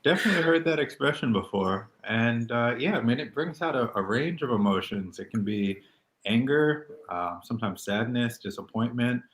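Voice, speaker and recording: A man co-hosting a talk show, answering in a soft, thoughtful way. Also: mid-range voice, animated, moderate pace, roomy sound. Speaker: co-host. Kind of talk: casual chat.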